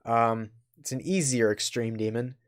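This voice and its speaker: A man's voice: medium pitch, normal speed, no echo, clean studio sound. A young man chatting casually on a game livestream, joking with chat and muttering to himself as he plays. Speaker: game streamer.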